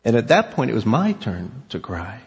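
A man's voice: medium pitch, very animated, moderate pace. A middle-aged male pastor telling a personal story in an earnest sermon, then closing in prayer. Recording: long hall reverb.

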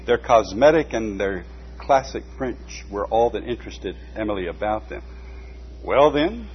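A man reading a book aloud at a measured pace, stopping now and then for short asides. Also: lowish voice. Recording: dull lo-fi recording with faint hum.

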